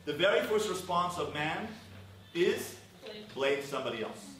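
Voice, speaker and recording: A man's voice: a little high, expressive, moderate pace, fairly bright tone. A man teaching a marriage class as a rabbi, questioning and prompting his audience in an interactive lecture. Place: large synagogue hall with a packed audience. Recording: echoey hall from far off, audience noise.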